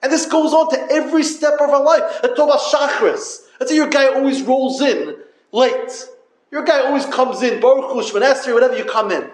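Man giving a yeshiva talk, high-pitched, with yeshivish English full of Yiddish words and a storytelling way of addressing listeners; recorded in a roomy space. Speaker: yeshiva lecturer. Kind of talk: Torah talk to yeshiva students. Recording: echoey room.

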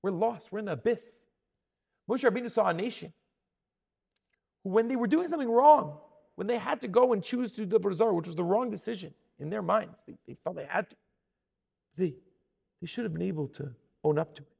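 A man delivers a sermon in a high, gravelly voice. He stays animated throughout and slips into the voices of the people he quotes. He often stumbles and restarts his words. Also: brisk, pauses often. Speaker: Torah teacher.

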